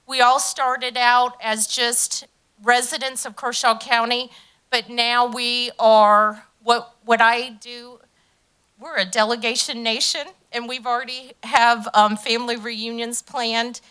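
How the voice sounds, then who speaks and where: A woman with a bright, ringing voice pitched a little high, speaking at a county council meeting. She talks with warm enthusiasm and fills her pauses with ums. Her voice turns emotional easily. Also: clear, resonant tone. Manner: enthusiastic, many filler ums, gets emotional. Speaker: community delegation leader. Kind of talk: speech at a public council meeting.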